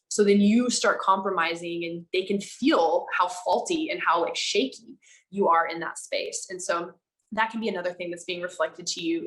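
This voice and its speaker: A woman's voice: on the low side, poor audio. A woman guest on a podcast telling personal stories candidly, acting out the dialogue she quotes, with many "like"s and the odd swear word. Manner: animated, acts out quoted dialogue, frequent "like"; speaks frankly, with casual swearing. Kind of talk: candid conversational storytelling.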